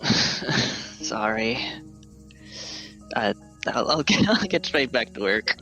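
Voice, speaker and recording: A man playing a small child in a tabletop game, halting and stammering with slow, bright speech. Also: mid-range voice, lively intonation, soft background music, low-quality recording. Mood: sheepish. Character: small child, shy and excited.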